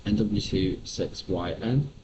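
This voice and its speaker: Brief: male livestreamer, casual running commentary with sudden asides; muffled audio and a steady background hiss. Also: lowish voice, takes it slowly. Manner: thinking aloud, exclamatory asides. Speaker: property investor livestreamer. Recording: dull lo-fi sound with background noise.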